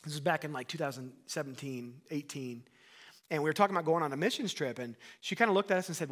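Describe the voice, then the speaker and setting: A man's voice: fairly high pitch, quick pace, fairly bright tone. A man in his thirties, a pastor preaching a sermon in an earnest, conversational way, asking the congregation questions and adding asides.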